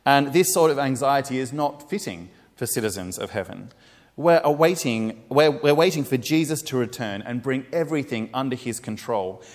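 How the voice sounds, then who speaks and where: A man preaching a sermon in an earnest, plain-spoken way, recorded in a reverberant church. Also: mid-range voice. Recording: reverberant hall.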